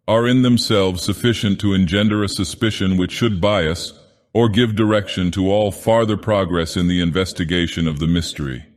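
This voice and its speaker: A man's voice: low voice, natural voice. A man voicing a cool, analytical male detective who explains a case in a precise, lecturing way. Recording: long hall reverb.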